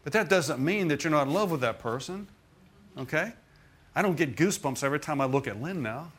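His voice is fairly high, husky and fairly bright, with lively intonation and a slightly fast pace. The middle-aged pastor preaches a sermon built on personal testimony, told conversationally with frequent asides to the congregation.

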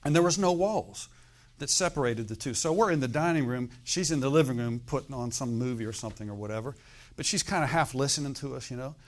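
A man's voice: medium pitch, fast talker. A middle-aged man preaching a sermon in a conversational way, often checking in with "okay?" and "amen?". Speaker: pastor.

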